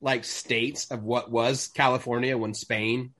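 A man's voice: mid-range voice, flat delivery, measured pace, fairly bright tone. A man co-hosting a podcast in casual chat, a jokey storyteller who acts out movie lines. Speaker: podcast co-host.

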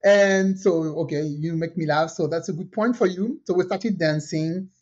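A woman's voice: fairly low pitch, moderate pace, breathy edge. Lady on a podcast, chatty storyteller doing all the voices, kinda dull lo-fi sound. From French Caribbean. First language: French. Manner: lively storyteller who acts out quoted dialogue. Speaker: podcast co-host. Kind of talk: casual storytelling chat.

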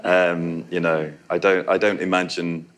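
Deep-voiced Yorkshire man, chatty and laughing. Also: level tone, fairly bright tone, slight background noise. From Yorkshire, England. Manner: chatty, laughs often, halting restarts. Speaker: film director at a Q&A. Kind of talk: casual conversational answers.

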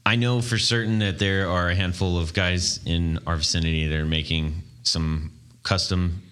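Male podcast host, low and forceful, chatty and prone to laughing fits. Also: steady tone, normal speed, clean tone. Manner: rambling, giggly, loses composure laughing. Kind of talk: casual chat.

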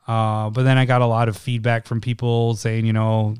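A man's voice: medium pitch, flat delivery, normal speed, darkish tone, smooth, dry recording, studio quality. Laughing, rambling male podcast host. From Minnesota. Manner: rambling, laughs often, acts out quotes. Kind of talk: casual podcast chat.

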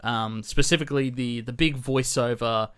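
A man's voice: medium pitch, normal speed, a bit bright, smooth. A man co-hosting a film podcast in casual, chatty talk, laughing often. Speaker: podcast co-host. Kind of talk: casual chat.

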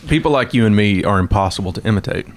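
Low-voiced man musing playfully. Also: expressive, fast talker. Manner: playful, musing, laughs often. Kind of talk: casual chat.

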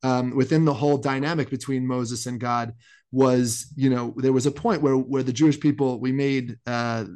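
A married man co-hosting a casual podcast chat, thinking aloud about scripture with many restarts and animated asides. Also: medium pitch, moderate pace. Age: adult, married. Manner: rambling, self-interrupting, animated. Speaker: podcast co-host.

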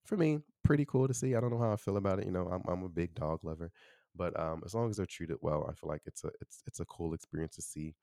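Fast-talking low-voiced man from Chicago. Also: mellow, dry recording, studio quality. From Chicago, USA. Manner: chatty, loose, full of "you know" and "like". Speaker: podcast host. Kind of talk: casual solo podcast talk.

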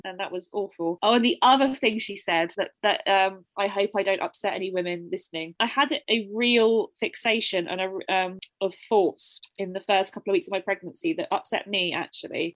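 A woman's voice: mid-range voice, no echo, rough recording. A young woman, a first-time mother telling her own story openly in an interview, reflective and often quoting herself. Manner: open, reflective, often restarts and quotes herself. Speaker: interview guest. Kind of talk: candid personal account.

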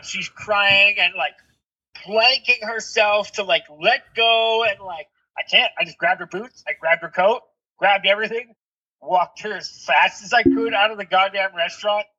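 A man in his thirties telling animated parenting stories in casual chat, swearing freely. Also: sits high, slightly rough. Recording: dull lo-fi recording.

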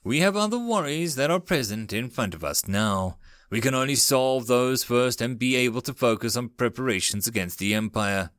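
Man doing a calm, commanding captain. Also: mid-range voice, normal speed, clear, resonant tone, dry recording, studio quality, natural voice. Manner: calm, authoritative.

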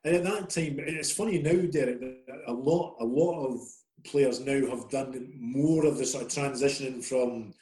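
Scottish male, middle-aged, ex-player guest, rambling anecdotal storyteller, mid pitch, roomy echoey recording. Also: moderate pace, warm tone. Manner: rambling, self-deprecating storyteller. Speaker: former footballer guest. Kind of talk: casual anecdotal interview.

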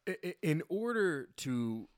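A man co-hosting a comedy podcast, riffing and laughing with quick asides. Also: fairly high pitch, sing-song, no echo, clean studio sound. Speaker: podcast co-host. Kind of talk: comedic casual chat.

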